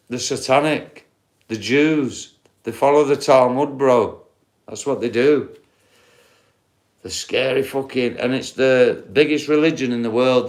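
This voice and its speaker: A man with a broad Yorkshire accent hosts a livestream and talks straight to his viewers. He tells loose, rambling stories full of swearing, at an ordinary middle pitch. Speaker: livestream host.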